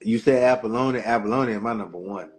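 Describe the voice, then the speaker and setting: A man's voice: fairly low pitch, fast talker. A man co-hosting a podcast, talking in a laid-back, slangy way and often repeating himself. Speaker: podcast co-host. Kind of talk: casual chat.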